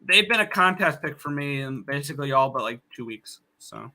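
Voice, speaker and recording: A man co-hosting a sports betting chat, giving measured opinions on games and teams. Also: mid-range voice, animated, bright, forceful tone. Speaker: co-host handicapper.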